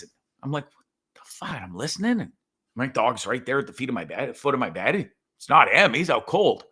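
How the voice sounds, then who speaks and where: A man hosting his own show, telling a story in a profane, animated rant with sudden loud outbursts. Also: a little high. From Canada. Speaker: podcast host. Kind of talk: casual ranting monologue.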